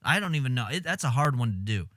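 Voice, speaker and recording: A man streaming casual commentary on film clips, animated and exasperated, swearing and laughing as he talks. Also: medium pitch, quick pace, no room sound, studio quality.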